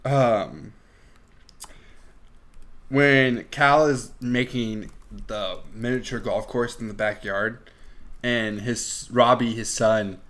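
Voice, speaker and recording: A man's voice: medium pitch, takes it slowly, pauses often, a bit bright. A man co-hosting a movie podcast in casual chat, animatedly retelling scenes, laughing often and speaking candidly, a little crude. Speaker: podcast co-host.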